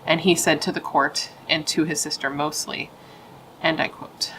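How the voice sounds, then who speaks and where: Woman, low bright voice, chatty true-crime host, blunt opinionated asides. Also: level tone, moderate pace, a little hiss or hum, poor audio. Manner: chatty and opinionated, with frequent "like" fillers. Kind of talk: casual true-crime storytelling.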